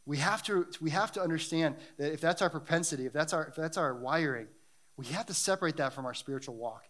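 A man's voice: fairly high pitch, quick pace, a bit bright. A man preaching a sermon and reading scripture, talking in an earnest, emphatic way that builds in intensity.

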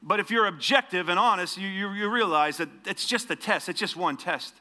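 Male preacher, bright and forceful, casual sermon style with rhetorical questions. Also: sits high, brisk. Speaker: pastor.

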